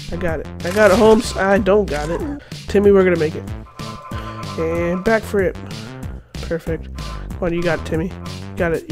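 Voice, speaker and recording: A man commentating a video game while sick, his voice a little raspy, blurting excited, slangy reactions. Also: high-pitched. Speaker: gaming commentator.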